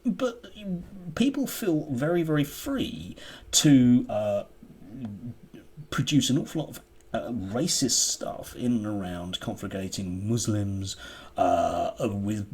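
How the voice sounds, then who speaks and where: A man with a husky voice talks through a news piece in a casual commentary vlog. His pitch swings widely as he drops dry, sarcastic asides. He stumbles often, with frequent ums, uhs and restarts. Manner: sarcastic asides, hesitant with many fillers and restarts. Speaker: commentator reading and critiquing a news article.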